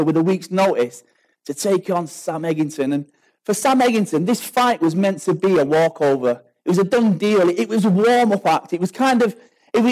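A British man preaching in a loose, conversational way, voice sitting fairly high for a man. He spins anecdotes, stumbles and restarts often, and keeps asking his listeners rhetorical questions. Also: darkish tone, rough recording. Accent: British English. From Britain. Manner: chatty, storytelling, with frequent restarts and rhetorical questions. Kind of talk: informal sermon.

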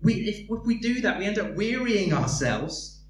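A man's voice: high voice, very animated, normal speed. A man preaching a sermon in an earnest way, often repeating words as he searches for phrasing. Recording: echoey room, distant mic, faint hum.

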